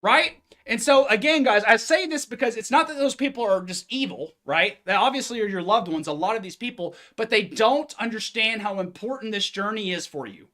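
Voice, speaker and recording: A man's voice: high-pitched, expressive, a little fast, hardly any pauses, bright, forceful tone. A man, a fitness coach, giving a blunt, intense live-stream pep talk full of cursing, speaking into a phone.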